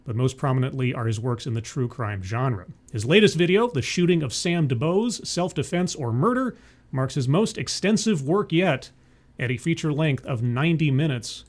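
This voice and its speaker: A man hosting a live-streamed interview show, chatty and energetic, often correcting himself mid-sentence. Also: medium pitch, moderate pace.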